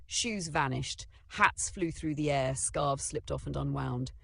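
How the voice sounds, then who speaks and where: A storyteller narrating a children's story in a lively, dramatic way. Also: medium pitch, slow pace, creaky, few pauses, breathy edge.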